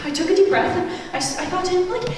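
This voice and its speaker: A high-voiced woman does stand-up comedy, her delivery animated, lively and unhurried. She sounds distant from the mic, with long reverb filling a large hall and a steady hiss of noise beneath her. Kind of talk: stand-up storytelling. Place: comedy venue stage.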